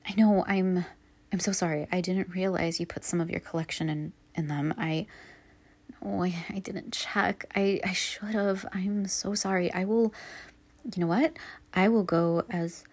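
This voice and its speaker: A woman in a whispered role-play, soft and halting as she apologizes to an upset partner. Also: lowish voice, steady tone. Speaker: audio role-play performer playing a girlfriend.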